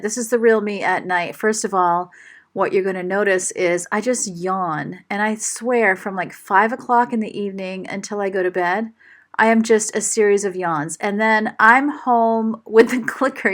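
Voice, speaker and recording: A woman's voice: mid-range voice, a bit bright. An older woman from Maine, narrating her home vlog in a chatty, self-deprecating way and laughing often. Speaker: vlogger. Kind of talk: casual voice-over narration.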